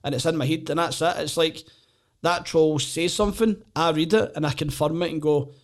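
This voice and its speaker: A man's voice: on the high side, brisk. A man with a Scottish accent, a comedian guest speaking openly and self-deprecatingly in a podcast conversation. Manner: open, self-deprecating, animated. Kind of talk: candid conversation.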